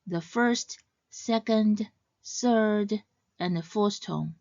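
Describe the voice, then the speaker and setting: A woman giving a scripted educational narration as a language teacher, in a measured, clearly explaining way. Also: mid-range voice, darkish tone, no echo, muffled recording.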